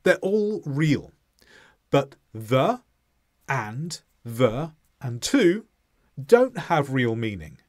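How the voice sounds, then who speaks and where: Slow, lively-voiced English teacher. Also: male voice, medium pitch. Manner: slow, deliberate, clearly stressed delivery with modelled example sentences. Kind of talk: scripted English pronunciation lesson.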